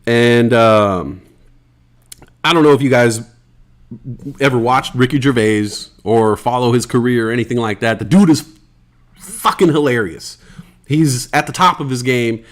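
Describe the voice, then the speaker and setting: An American man of ordinary pitch hosts a casual solo podcast, loosely rambling between topics. He swears freely and reads listener comments aloud in an easygoing, conversational way. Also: unhurried, pauses often. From United States. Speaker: podcast host.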